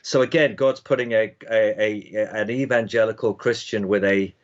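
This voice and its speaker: A man's voice: on the low side, steady tone, normal speed. A man teaching Bible prophecy history in a casual, conversational way, rambling with frequent restarts and fillers. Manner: rambling, many restarts and "you know" fillers. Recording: slightly dull lo-fi audio.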